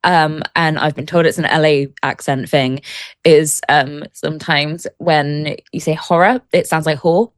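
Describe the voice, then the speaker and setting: English lady guesting on a podcast, kinda low voice, says like a lot. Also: level tone, measured pace, clean tone, dry recording. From England. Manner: chatty, lots of filler "like". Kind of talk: casual chat.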